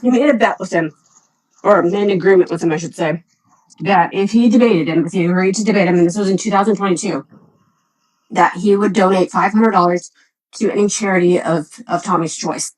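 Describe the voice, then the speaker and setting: A woman chatting on a livestream in a dry, matter-of-fact way, pausing with ums. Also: lowish voice, darkish tone, low-quality recording. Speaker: guest on a livestream. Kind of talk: casual chat.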